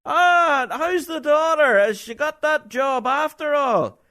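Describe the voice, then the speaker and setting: A man with a Scottish accent voicing a loud, excitable spectator who hollers greetings across an arena in a raised, high voice. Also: takes it slowly, full character voice. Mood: overjoyed shouting. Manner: shouting, high-pitched, overjoyed.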